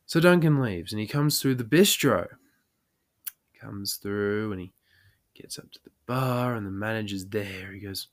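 A man's voice: lowish voice, normal speed. An Australian man hosting a podcast, telling a rowdy pub story casually, swearing and laughing as he acts out the people in it. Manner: swearing, laughing yarn-teller with quoted voices. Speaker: podcast host.

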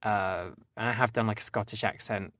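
A man's voice: on the low side, steady tone, normal speed, a bit bright, no room sound, clean studio sound. A young English man with a Southern English accent who works as a voice actor, chatting casually in an interview with frequent fillers and restarts. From England. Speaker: voice actor guest.

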